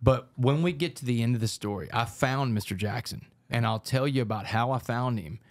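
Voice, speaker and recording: A man, a podcast guest, telling his story in an intense, rapid way. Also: medium pitch, no room sound. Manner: fast, intense storytelling with gravelly voice.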